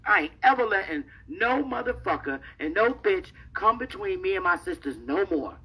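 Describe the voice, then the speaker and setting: A woman's voice: mid-range voice, very animated, moderate pace, bright, forceful tone, husky, low-quality recording. A woman in a played clip, speaking in a rallying, affirming way.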